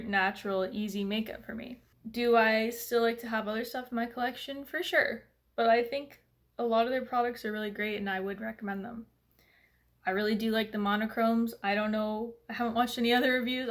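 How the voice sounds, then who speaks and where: A woman chatting through a casual makeup review at home in a rambling way, full of fillers. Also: fairly high pitch. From Canada. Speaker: beauty vlogger.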